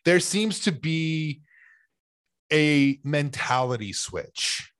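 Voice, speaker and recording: A young man co-hosting a casual sports podcast, talking players over in a loose, animated way with lots of fillers. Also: a little high, drawn-out words, no room sound. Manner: animated, speculative, many "like" fillers.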